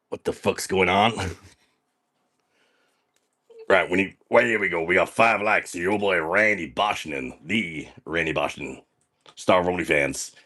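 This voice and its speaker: A man's voice: deep voice, pushed and bright, slightly rough, exaggerated voice. A man playing a crude, boastful party dude on a comedy livestream, swaggering and tacking "man" onto almost every sentence. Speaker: livestream character host. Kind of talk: comedic livestream persona reading chat.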